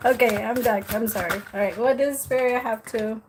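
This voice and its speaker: A woman's voice: a little high, moderate pace, noisy background. Chatty woman reading tarot live. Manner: chatty, apologetic, laughs often. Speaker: tarot reader.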